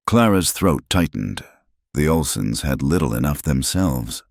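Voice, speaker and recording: A man narrating a western story in slow, measured scripted narration. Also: extremely low pitch, expressive, creaky, no echo, studio quality.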